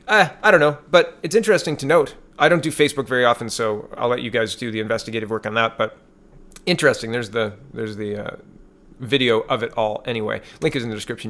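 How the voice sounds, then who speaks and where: A man's voice: medium pitch, gravelly, fairly bright tone. A man from Canada giving casual political commentary, reading articles off his screen and adding scornful, sarcastic asides.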